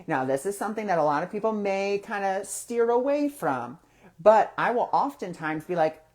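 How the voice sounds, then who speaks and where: A man hosting a relaxed spiritual talk show, speaking in an easygoing, conversational way. He poses rhetorical questions to his listeners and acts out his own thoughts as he goes. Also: high-pitched, normal speed. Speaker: host of a spiritual discussion.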